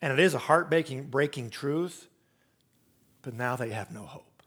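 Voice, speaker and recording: A man preaching a sermon, telling stories and acting out quotes, swinging from loud rising emphasis to very soft low tones. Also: normal speed, slightly rough. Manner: storytelling preacher who acts out quotes. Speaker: pastor.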